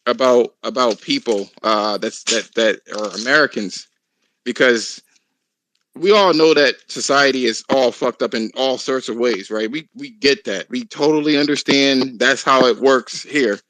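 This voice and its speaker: A man hosting a casual podcast chat, talking in an animated, profane, ranting way. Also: medium pitch, unhurried, no echo, poor audio.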